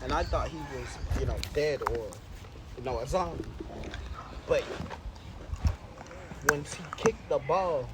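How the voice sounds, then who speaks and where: A man casually telling a made-up story in a rambling, slangy, laid-back way. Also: on the high side. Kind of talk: casual fan-fiction storytelling. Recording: loud background noise.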